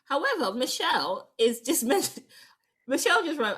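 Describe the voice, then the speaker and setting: A woman's voice: sits high, very animated, moderate pace, a bit bright. Casual woman laughing through a comic story. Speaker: comedian and panel guest. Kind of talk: comic anecdote on a live panel.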